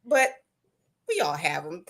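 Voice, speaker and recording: A middle-aged woman guest in a casual live chat, telling stories in an animated, playful way. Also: sits low, unhurried, creaky, a little hiss or hum.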